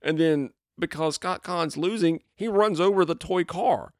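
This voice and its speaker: A man co-hosting a casual movie chat, animated and given to acting out quotes from scenes. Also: a little high, unhurried, no echo, clean studio sound. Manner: animated, acts out quotes in a raised voice. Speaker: podcast co-host.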